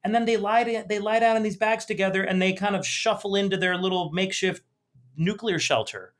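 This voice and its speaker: A man with a slightly high-pitched voice co-hosts a relaxed podcast conversation. He talks in a lively, animated way and breaks off now and then to read passages aloud from a book. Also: a little fast. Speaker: podcast co-host. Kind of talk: casual podcast chat about a comic book.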